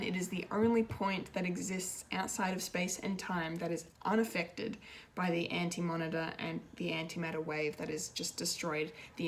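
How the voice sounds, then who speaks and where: A woman reviewing a TV episode in a casual, rambling way, excitable and full of fillers and restarts. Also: on the low side, slight background noise. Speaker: pop culture reviewer, show regular.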